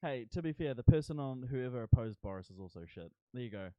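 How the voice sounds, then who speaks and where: Fast, lively, mellow-toned young man. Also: medium pitch, dry recording, muffled recording. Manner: quick, joking, lively provocations. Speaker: player. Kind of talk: casual chat over a game stream.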